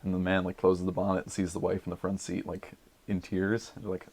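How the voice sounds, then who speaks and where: Deep, gravelly young man rambling a story. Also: completely flat delivery, a little fast, a little mellow. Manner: rambling, many fillers like "like" and "uh". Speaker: podcast regular. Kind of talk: casual chat, telling a movie pitch.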